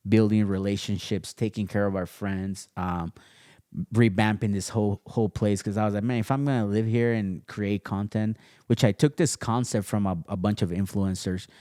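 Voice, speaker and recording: A man guest on a casual podcast, telling his story in a relaxed way with many fillers and restarts, recorded at his home studio. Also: lowish voice, moderate pace, no room sound. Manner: laid-back, storytelling with lots of fillers and restarts. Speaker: podcast guest, custom sneaker entrepreneur.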